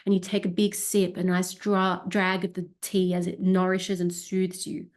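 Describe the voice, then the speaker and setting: A woman's voice: lowish voice, completely flat delivery, normal speed, darkish tone. A woman coaching in a demonstrative tone. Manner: demonstrative, voices her body sensations aloud. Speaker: wellness coach. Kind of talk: educational talk.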